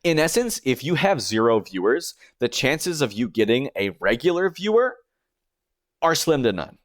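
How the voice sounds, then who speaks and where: A man's voice: mid-range voice, big pitch swings, normal speed, no echo. A young adult man, a streamer and YouTuber, narrating a scripted video essay and explaining things step by step.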